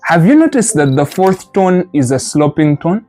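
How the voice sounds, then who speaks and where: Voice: medium pitch, big pitch swings, normal speed, mellow, soft background music. A Mandarin teacher leading a live group lesson, patiently correcting students and explaining with playful imagery. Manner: models sounds, then explains with playful imagery.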